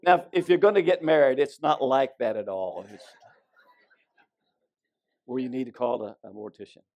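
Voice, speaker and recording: A man's voice: medium pitch, normal speed, a little mellow, dull audio. A middle-aged man, a pastor, preaching a sermon in a folksy storytelling way and reading scripture aloud. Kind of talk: sermon with jokes.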